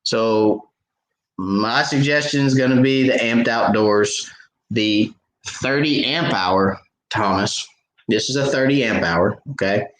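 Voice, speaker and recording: Male host with a lowish voice, rambling storyteller, recorded in a roomy space. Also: slow. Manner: storytelling, animated retelling with many fillers and restarts. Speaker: fishing show host answering viewer questions. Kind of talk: casual live Q&A chat.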